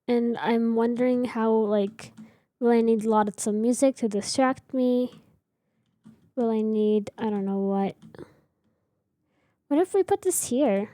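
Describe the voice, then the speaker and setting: A woman's voice: fairly high pitch, warm tone, dry recording. A young woman streamer chatting casually with her viewers while building in a game, rambling and answering chat.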